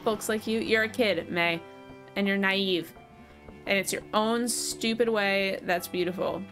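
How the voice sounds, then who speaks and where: Woman voicing a grim game cop, slow warnings, ominous, everyday pitch. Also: fairly even intonation, fairly bright tone, soft background music, natural voice. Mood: stern. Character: stern small-town police officer, ominous.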